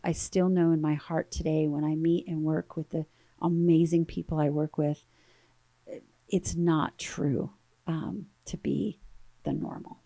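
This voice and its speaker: A woman in her thirties, a guest telling an emotional personal story in an earnest, halting way with repeated words. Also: lowish voice, mellow, dry recording.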